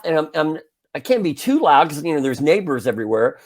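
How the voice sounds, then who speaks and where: Fast and a little high, with a breathy edge, the voice belongs to a podcast co-host in his forties. He narrates a casual tale animatedly, voicing the parts and his own yells.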